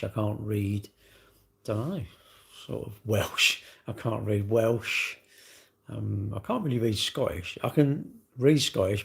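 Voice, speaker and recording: An English man in middle age chats on a casual livestream with a gravelly, low voice. He rambles along with plenty of tag questions. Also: a bit bright. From England. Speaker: livestream host.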